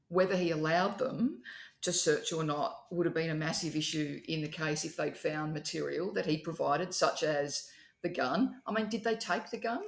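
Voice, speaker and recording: A woman's voice: sits low, echoey room. A woman guest with legal experience, making pointed points and firing questions on a podcast. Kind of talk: casual chat.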